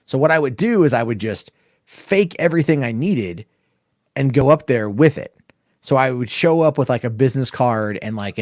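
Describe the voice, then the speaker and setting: A podcast host, a man with an ordinary-pitched voice, tells a rambling, profane story with animated energy, acting out the dialogue in the voices of its characters. The recording is close and dry with no surrounding room.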